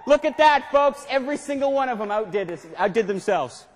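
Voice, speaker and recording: A man's voice: very high voice, fairly quick, few pauses, a little hiss or hum. A man giving a motivational seminar as a management consultant, playful and constantly quizzing his audience with questions. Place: lecture hall with audience. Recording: long hall reverb.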